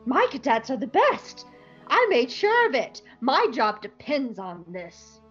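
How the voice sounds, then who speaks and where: A proud male military instructor, as a woman acts him out, defensive and flustered. His pitch swings widely. The sound is slightly dull. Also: huge pitch swings, a little slow, fairly bright tone, husky, soft background music, full character voice.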